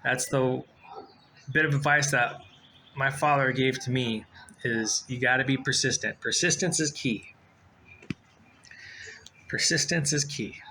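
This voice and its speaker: A man in his forties talking casually to camera, giving job-hunting advice in a rambling, low-key way with frequent fillers and restarts. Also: measured pace, pauses often, bright, forceful tone, a little hiss or hum, rough recording. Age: 40s.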